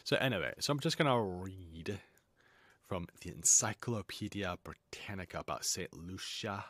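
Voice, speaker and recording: Man host for a casual lesson: low, lively pitch, jokey asides, dry close sound. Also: moderate pace, no echo. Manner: chatty, jokey asides, wanders off script. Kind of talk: casual lesson, reading aloud.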